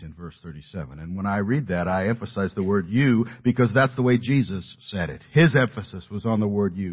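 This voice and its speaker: A man's voice: lowish voice, a little fast, hardly any pauses, husky. A man preaching an earnest sermon, stressing key points and building to emphatic peaks. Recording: dull lo-fi audio.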